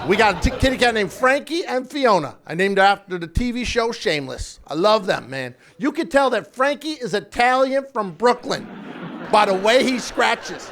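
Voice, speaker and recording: A man in his fifties performing a self-deprecating stand-up comedy routine on a club stage, with punchy delivery. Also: high voice. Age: 50s. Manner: self-deprecating, punchy, shouts sound effects. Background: audience laughter.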